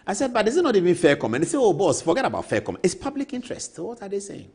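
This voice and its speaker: A man's voice: high-pitched, very fast, breathy edge. A man with a Ghanaian accent, a TV show host telling a story and acting out what others said to him. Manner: animated, acts out quoted voices. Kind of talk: storytelling monologue.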